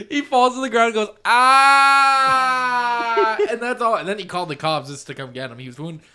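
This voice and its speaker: Animated young man telling stories. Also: high voice, quick pace. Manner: animated storyteller, acts out quotes, laughs often. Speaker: podcast co-host. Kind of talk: casual chat.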